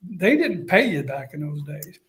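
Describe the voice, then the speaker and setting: High-voiced man telling stories. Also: moderate pace. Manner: animated storyteller, acts out quotes. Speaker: guest, college football coach. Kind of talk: casual storytelling interview.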